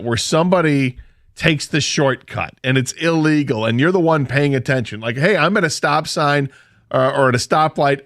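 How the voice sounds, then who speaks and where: A man's voice: medium pitch, fairly bright tone, dry recording, clean studio sound. A man co-hosting a radio show, retelling a story with emphatic quoted asides. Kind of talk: casual sports radio chat. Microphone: studio microphone.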